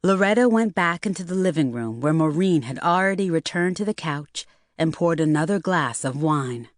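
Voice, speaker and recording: A woman narrating an audiobook in a steady, even reading voice. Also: sits low, moderate pace, no echo, studio quality. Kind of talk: scripted narration.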